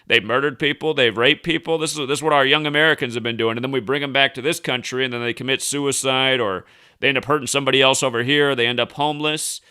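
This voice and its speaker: A man's voice: mid-range voice, fairly even intonation, quick pace, sharp tone, clear, resonant tone. A man in his thirties giving a rambling, indignant commentary, emphatic and full of restarts. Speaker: conspiracy news commentator. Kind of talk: casual ranting commentary.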